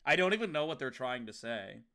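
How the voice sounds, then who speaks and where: A young man from New York streaming to his chat, loud and animated, swearing often and talking straight to his viewers. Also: medium pitch, fairly quick. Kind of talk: casual livestream chat.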